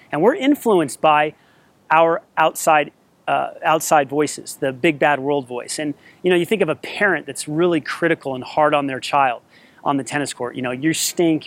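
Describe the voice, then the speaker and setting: Guy coaching tennis mindset, upbeat and earnest, kinda high voice, dry close sound. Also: no echo. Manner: earnest, encouraging, repeats himself for emphasis. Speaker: tennis mental performance coach. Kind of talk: talking-head coaching lesson.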